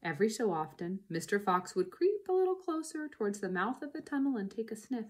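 A woman reading a children's book aloud, narrating in an expressive way. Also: fairly high pitch, brisk. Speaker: reader.

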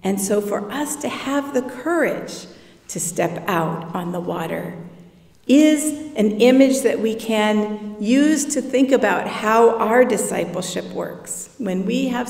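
A woman's voice: medium pitch, vocal fry, a little mellow. A woman pastor preaching a sermon in a reflective, conversational way. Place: church sanctuary. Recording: echoey church hall, from far off.

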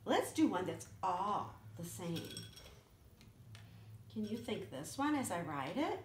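A woman music teacher giving a children's lesson, talking to young kids in a slow, sing-song way. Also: medium pitch, big pitch swings. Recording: echoey room with faint noise.

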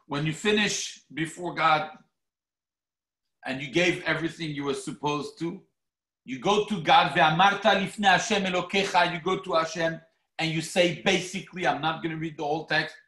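A man preaching a sermon as rabbi, animated and theatrical, acting out mock quotes. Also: fairly high pitch. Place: synagogue hall. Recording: echoey hall.

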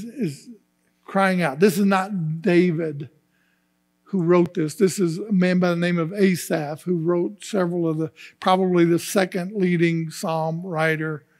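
A man preaching a sermon as pastor, reading scripture aloud and often repeating words as he goes. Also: high-pitched. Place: church sanctuary. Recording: long reverb of a church hall.

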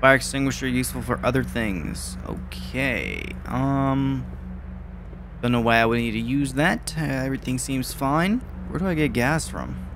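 A man's voice: mid-range voice, lively intonation, normal speed, noisy background. Male gamer, casual let's-play commentary, swears a lot, jumps at scares. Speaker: gaming video creator.

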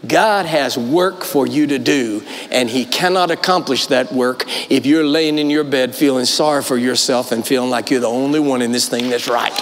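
A man's voice: medium pitch, moderate pace, hardly any pauses, crowd noise. A man preaching a sermon, telling the story dramatically, voicing its characters, and repeating lines for emphasis. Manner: emphatic repetition. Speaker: guest preacher. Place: large church auditorium. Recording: long hall reverb.

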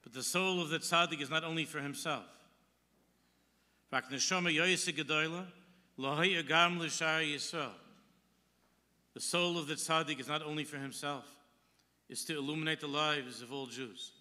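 Bright-voiced rabbi preaching in a hall. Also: male voice, on the high side, steady tone, moderate pace, pauses often. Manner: storytelling, quoting Hebrew texts and translating. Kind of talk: sermon. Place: large synagogue hall. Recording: long hall reverb.

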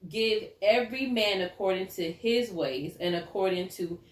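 A woman's voice: mid-range voice, normal speed. A woman reading scripture aloud carefully during a bible study. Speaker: scripture reader. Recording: roomy echo.

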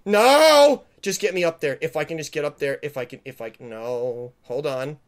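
A man playing a video game and commenting, panicky and swearing, pleading with the game and yelling when he fails. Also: fairly high pitch, moderate pace. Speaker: gamer. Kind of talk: let's play commentary.

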